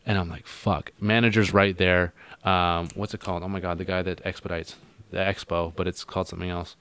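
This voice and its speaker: A man spins a long, rambling story in casual conversation, dropping swear words and putting on the voices of the people in it. His voice sits low and the sound is dry and close, with no room around it. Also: level tone, a little fast, fairly bright tone, clear, resonant tone, dry recording. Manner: rambling storyteller, swears a lot, acts out quotes. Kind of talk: casual chat.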